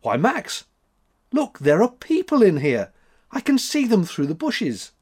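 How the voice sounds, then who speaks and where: A man's voice: on the high side, expressive, normal speed, slightly rough, voice pushed up, heavily acted. A man voicing a shy, timid little girl in a storybook reading. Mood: astonished. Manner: timid, hushed.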